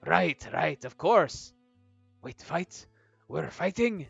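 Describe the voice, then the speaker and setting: A breathless young woman superfan bubbling over with excitement, as a man puts her on in a high, sing-song voice. She gushes with lively swoops of pitch in a tabletop game, over slightly dull, lo-fi sound with faint music behind. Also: slow pace, creaky, breathy edge, no room sound, heavily acted. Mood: excited. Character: eager young woman adventurer, gushing superfan.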